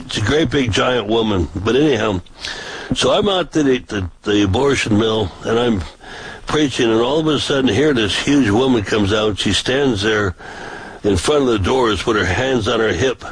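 A man recounts his street-preaching days in a casual, animated storytelling voice. His tone is a bit breathy and husky at mid pitch. He leaps upward when quoting others. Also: moderate pace, rough recording.

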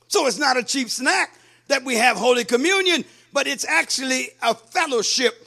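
A man preaching a sermon, fervent, breaking into shouts and sing-song cadences. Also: very high-pitched, moderate pace, vocal fry.

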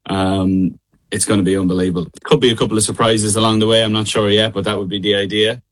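An Irish man with a fairly low voice talks with easygoing looseness on a radio show. He laughs often and stumbles through restarts and fillers, sounding like he is joining over a call. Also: flat delivery, quick pace. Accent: Irish, middle of Ireland. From Ireland. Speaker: guest singer. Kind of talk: casual radio interview chat. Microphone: call line.

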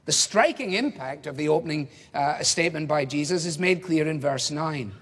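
A man's voice: on the high side, slightly rough. Man preaching in a reverberant hall. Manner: measured, emphatic, rhetorical questions. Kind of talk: expository sermon.

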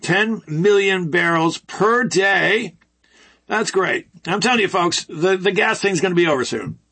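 A man's voice: high-pitched, measured pace, pushed and bright, breathy edge. A man hosting casual political commentary, folksy and rambling with sarcastic asides.

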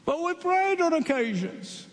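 A man voicing desperate foolish guests pleading in high, whining tones during a sermon. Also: very animated, measured pace, heavily acted. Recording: long hall reverb.

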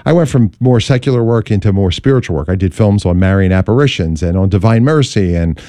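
A middle-aged man, a talk radio host, telling his career story in an interview with lively storytelling and voiced quotes. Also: fairly low pitch, fast talker, no echo, clean studio sound.

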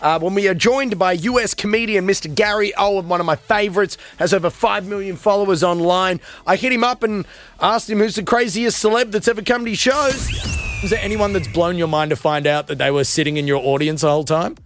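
A man hosting an evening radio show and taking calls. He talks in an animated, joking, self-mocking way. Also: high voice, brisk, a little hiss or hum. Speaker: radio host.

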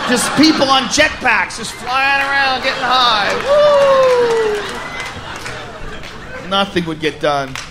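A man with a very high voice tears through a stand-up set, shouting and swearing. He is recorded live in a club, with the crowd and background noise plain behind him. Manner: rowdy, profane, shouting rants. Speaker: stand-up comedian.

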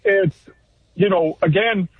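A man calls in to a talk radio show over a tinny phone line, his voice slightly husky and pitched a bit high. He chats casually and rambles loosely from point to point. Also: takes it slowly, dry recording. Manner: rambling, with fillers. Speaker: caller.

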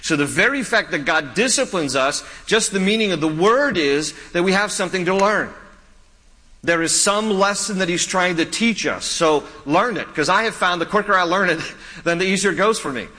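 A man preaching a sermon from a church, his fairly high, bright voice ringing with long reverb. He tells stories with lively animation and repeats his points for emphasis, sounding like a pastor at the pulpit. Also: normal speed. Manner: animated storytelling with laughs and quoted voices.

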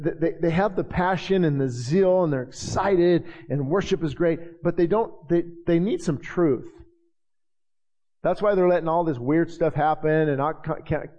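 A man's voice: on the high side, warm tone, long reverb tail, dull audio. A man preaching a sermon as pastor, fervent and repeating his phrases. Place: church sanctuary.

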